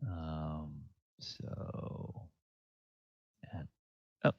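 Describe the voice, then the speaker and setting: A man running a tabletop game as dungeon master, narrating in a halting way full of ums and restarts. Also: extremely low pitch, little pitch movement, dry recording. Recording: dull lo-fi dry sound.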